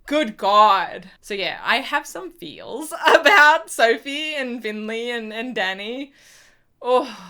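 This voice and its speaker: A young woman with a slightly high, bright, forceful voice chats casually about a TV episode in her review vlog. Her talk is full of fillers and exasperated restarts.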